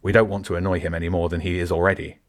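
A man voicing a young leader giving quick, commanding instructions. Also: low-pitched, level tone, lightly acted.

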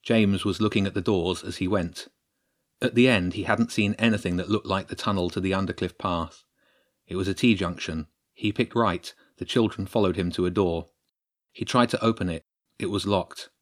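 A man with a fairly low voice reads a children's adventure aloud. His delivery is steady and expressive, voicing the characters as the story moves along. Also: normal speed. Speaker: narrator. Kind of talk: storybook narration.

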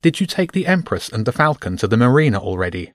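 Man voicing a storybook girl, young, brave, eager, urgent, raised pitch, dry sound. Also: very animated, fast, dry recording, lightly acted. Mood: questioning.

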